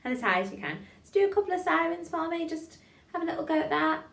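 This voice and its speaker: A woman leading an online voice warm-up lesson, encouraging her students and modeling each phrase slowly and clearly. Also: extremely high pitch, big pitch swings, roomy sound, noisy background. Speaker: voice and drama teacher.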